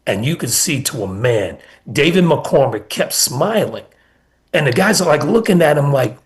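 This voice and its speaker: A man's voice: medium pitch, animated, moderate pace. Storytelling basketball coach, middle-aged man. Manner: storytelling, repeats words. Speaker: college basketball coach, guest. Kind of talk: casual radio interview.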